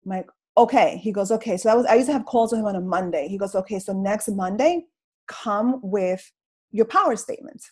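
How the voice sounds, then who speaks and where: A middle-aged woman telling her story on a video call, in a comical, slangy, animated way. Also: mid-range voice, fairly quick, husky, poor audio. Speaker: guest speaker sharing her story. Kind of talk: casual motivational talk on a video call.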